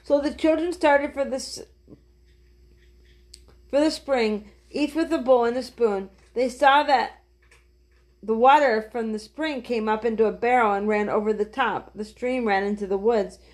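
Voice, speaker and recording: Woman reading a kids book out loud, gentle, bit high voice. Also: measured pace. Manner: gentle, with small slips. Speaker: storyteller. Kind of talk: reading a children's book aloud.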